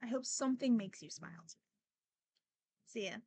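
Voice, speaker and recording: A woman's voice: a little high, a little fast, warm tone, slightly rough, dry recording. A young woman hosting a podcast, talking casually and emotionally with many fillers and restarts, near tears at times. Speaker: podcast host. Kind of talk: casual personal monologue.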